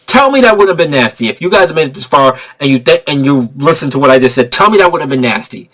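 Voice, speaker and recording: Excitable young man reviewing a movie. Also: a little high, fairly quick. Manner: excitable, repetitive, slangy. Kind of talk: casual spoiler review.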